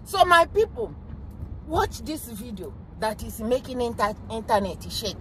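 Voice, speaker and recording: Young Nigerian woman, bright high register, excitable driving vlogger, casual exclamatory commentary. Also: unhurried, a little hiss or hum. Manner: chatty and exclaiming, drops into pidgin. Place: inside a car while driving.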